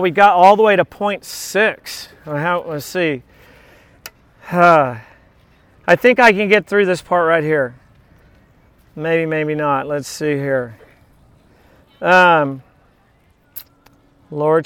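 A man's voice: on the high side, slow, long pauses, fairly bright tone, smooth, dry recording. A male pastor giving a casual, anecdotal sermon at an outdoor beach church, chatting with frequent asides to the congregation.

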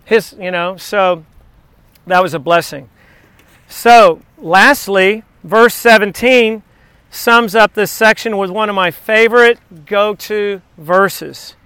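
A man in his fifties, a teacher giving a devotional message to his class, telling faith stories in an excitable, chatty, digressive way. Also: high-pitched, slow pace, clean tone, no room sound. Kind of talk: rambling faith storytelling to a class.

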